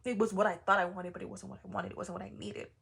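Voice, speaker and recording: A young woman talking in a casual vlog as a spiritual content creator, animated and repetitive, with swearing and laughing asides. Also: medium pitch, racing, gravelly. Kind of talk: casual personal vlog monologue.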